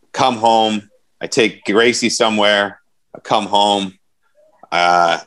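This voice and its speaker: A man's voice: lowish voice, fairly bright tone. A man co-hosting a podcast, telling rambling, self-mocking stories in casual chat. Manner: rambling, self-deprecating storyteller. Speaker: podcast co-host.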